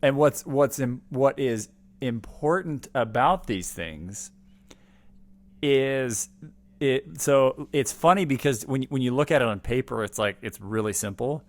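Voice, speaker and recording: A man's voice: mid-range voice, animated, measured pace. A man co-hosting a finance podcast on a new microphone, talking candidly and wryly, often restarting his sentences. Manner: candid, wry, with frequent restarts. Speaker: podcast co-host, financial advisor. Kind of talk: casual finance chat.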